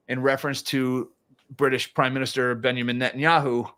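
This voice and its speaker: A man's voice: mid-range voice, steady tone, normal speed, fairly bright tone. A man hosting a casual livestream of market commentary, chatty and given to sarcastic asides. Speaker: financial commentary host.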